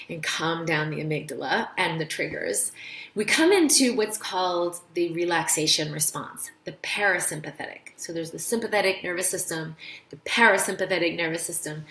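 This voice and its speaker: A woman's voice: fairly low pitch, roomy sound. A woman doctor hosting a casual live-stream talk, explaining health ideas and telling stories with acted-out voices. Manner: animated storytelling, acts out quoted voices. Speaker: doctor and show host.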